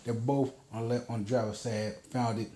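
A man's voice: medium pitch, level tone, normal speed, warm tone, echoey room. A man hosting a podcast, telling a casual story in a rambling, profane way with lots of fillers. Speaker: podcast host.

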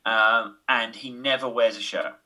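A man's voice: medium pitch, fairly even intonation, unhurried, bright, forceful tone, rough recording. A man co-hosting a casual comedy podcast, playful and often laughing. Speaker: podcast co-host.

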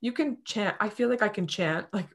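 A woman co-hosting a casual chat about breathwork, telling stories in a gushing, animated way. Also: medium pitch, a little fast.

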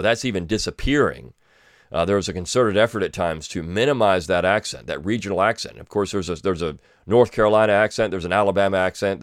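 Man, podcast host, reflective commentary with restarts, lowish voice, dry close mic. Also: no echo. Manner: reflective, with frequent restarts and asides. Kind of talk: reading a passage aloud, then commenting.

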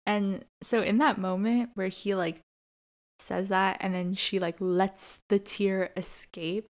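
A woman's voice: medium pitch, steady tone, slow. A woman co-hosting a podcast, casually recapping a TV episode with lots of fillers and acted-out quotes. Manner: chatty, fillers, acts out characters' lines. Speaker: podcast co-host.

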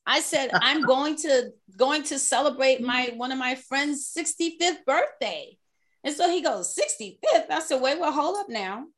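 A woman in her fifties telling a story in a casual chat, animated and laughing as she talks. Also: sits high, a little slow. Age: 50s.

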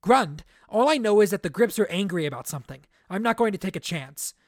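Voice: medium pitch, lively intonation, brisk, no echo, studio quality, close to an everyday voice. A podcast host reading aloud, voicing a blunt, weary mother with curt, bitter lines.

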